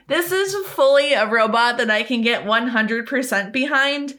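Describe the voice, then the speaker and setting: A woman's voice: fairly high pitch, moderate pace, few pauses, bright, forceful tone. A woman co-hosting a podcast, reading a news item and joking about it in a playful, enthusiastic way. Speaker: podcast co-host. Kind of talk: casual segment reading with commentary.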